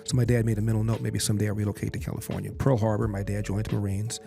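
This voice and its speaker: A man's voice: lowish voice, little pitch movement, racing, creaky. An older man recounting a family story as a podcast guest, quoting his father in direct speech. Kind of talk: storytelling in an interview. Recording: music bed behind the voice.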